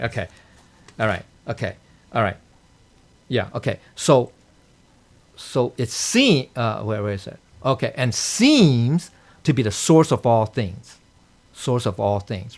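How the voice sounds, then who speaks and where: Gravelly man giving a rambling lecture. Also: medium pitch. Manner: rambling, lots of filler and "okay?" checks, chuckles. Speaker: Dao study teacher. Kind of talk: casual spoken lecture. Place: temple study session.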